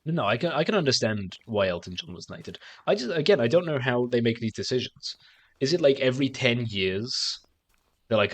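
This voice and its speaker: A man's voice: mid-range voice, fairly quick. A man streaming a game and chatting casually, rambling with stammered restarts and frequent swearing. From outside the United States. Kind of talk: casual chat while gaming on stream.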